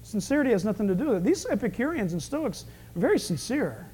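A man preaching a sermon, animated, acting out the scenes he tells. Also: sits high, fast talker, slightly rough. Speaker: pastor.

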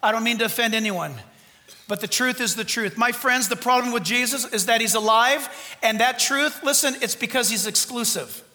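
Fervent high-voiced pastor preaching. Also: male voice, normal speed, long reverb tail. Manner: exuberant, loud and fervent, jokes with the congregation. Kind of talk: sermon. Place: church sanctuary.

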